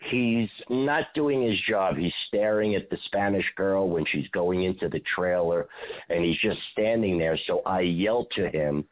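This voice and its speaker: A man, an actor, telling animated show-business stories as a radio guest and acting out what people said. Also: sits low, narrow, tinny audio. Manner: animated storyteller, acts out quotes.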